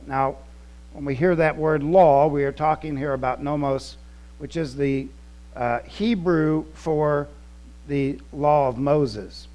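A man's voice: on the high side, steady tone, takes it slowly, darkish tone. A male pastor delivering a conversational teaching sermon, repeating words for emphasis.

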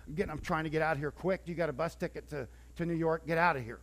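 A man preaches a sermon by telling the story in a lively, conversational way, acting out scenes and occasionally stumbling and restarting. He speaks very fast in a fairly high voice.

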